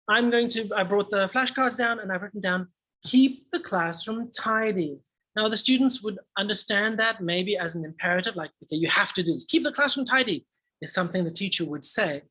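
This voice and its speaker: A man who trains English teachers, walking through a lesson plan in a lively way with frequent "okay" and "all right". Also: high voice, rough recording. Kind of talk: teaching tutorial.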